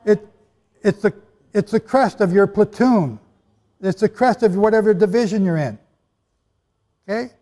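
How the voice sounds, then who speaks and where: A man preaching a sermon in a hall with an audience, animated and conversational, with asides to his listeners. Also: sits high. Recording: long hall reverb.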